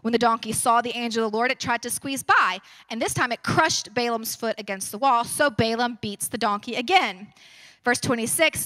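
A woman's voice: moderate pace, sharp tone, dry recording. A woman preacher reading scripture aloud and breaking off into casual asides, then pressing her point with rising force. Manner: conversational, asides between Bible verses; rises in pitch and force when preaching the point.

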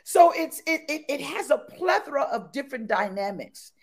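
Woman guest, animated and exuberant, voice leaping all over, sits a bit high. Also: moderate pace. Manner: exuberant, repeats phrases, bursts into high excited tones. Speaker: podcast guest. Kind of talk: animated interview chat.

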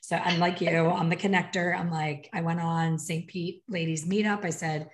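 A woman's voice: low voice, moderate pace, hardly any pauses. A middle-aged woman hosting an interview, telling stories in a chatty way and acting out the voices of others. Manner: chatty storyteller, animated quoted voices. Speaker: podcast host. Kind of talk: casual interview chat.

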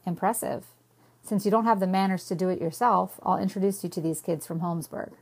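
A woman's voice: lowish voice, a little fast, darkish tone, husky. A woman reading a cocky, smirking young man. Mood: smug.

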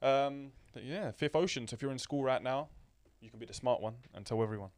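A man's voice: medium pitch, brisk, darkish tone, no room sound. Young guy chatting on a podcast, easygoing, dry mic. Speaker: podcast co-host. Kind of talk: casual podcast chat.

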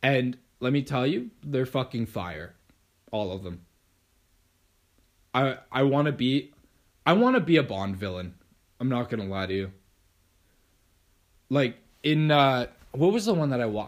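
A man's voice: mid-range voice, animated, unhurried, long pauses. A young man hosting a podcast, rambling casually on his own with lots of swearing and restarts. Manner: rambling, profane, restarts often. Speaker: podcast host. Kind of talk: casual solo monologue.

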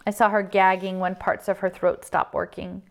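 A woman reading a novel aloud, with steady, subdued first-person narration. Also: mid-range voice, moderate pace. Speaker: reader.

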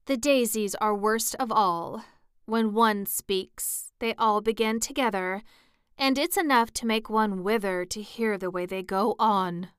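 A woman reads out a bossy tiger lily in a storybook, loud and scolding, her voice smooth and dry as it snaps at the chattering flowers around her. She is quick to take offence. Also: mid-range voice, no echo, natural voice. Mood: haughty. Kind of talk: storybook character reading.

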